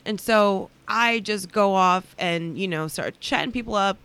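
A woman's voice: mid-range voice, gravelly, sharp tone, smooth. A woman comedian telling brash, profane stories in casual chat. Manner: brash, profane, fast-talking storyteller. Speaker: comedian guest.

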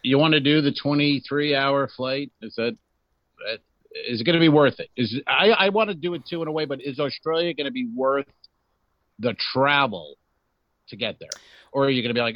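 A man's voice: mid-range voice, a little fast, dry recording. Male co-host, blunt and profane wisecracker, dry lo-fi recording. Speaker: podcast co-host. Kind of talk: casual chat.

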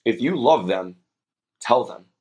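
A man's voice: medium pitch, animated, a little slow, a little mellow, slightly rough. A young man hosting a podcast, telling a personal story in an earnest, reflective way with many fillers. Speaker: podcast host.

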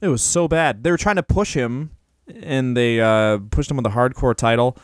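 A man's voice: medium pitch, normal speed, clean tone, no echo, studio quality. A man co-hosting a casual comedy podcast, joking and laughing often as he riffs. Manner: joking, laughs often, slips into mocking voices. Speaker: podcast co-host.

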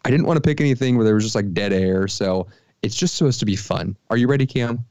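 Brief: lower-voiced man hosting a quiz on a call, joking and teasing; dead-dry sound. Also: quick pace, a little mellow, no room sound. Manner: playful, teasing, slips into silly voices. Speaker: podcast co-host running a quiz game. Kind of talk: casual chat, quiz hosting. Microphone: remote call.

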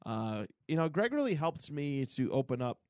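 A man's voice: a little high, very animated, normal speed, a little mellow, no room sound, studio quality. A man hosting a podcast in easygoing casual chat. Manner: easygoing, wraps up the show. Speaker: podcast host.

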